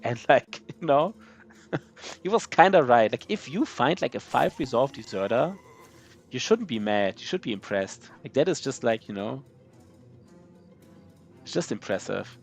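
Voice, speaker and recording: A man's voice: medium pitch, very animated, unhurried, vocal fry, pauses often, faint music behind. A man streaming a strategy game live, answering his chat in a loose, rambling way with many fillers and restarts. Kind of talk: casual live-stream chat while gaming.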